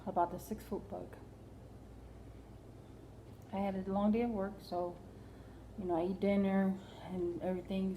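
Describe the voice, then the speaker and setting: A woman's voice: mid-range voice, mellow, a little hiss or hum. A woman telling a comic story in a rambling way, full of fillers and "like". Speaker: comedian.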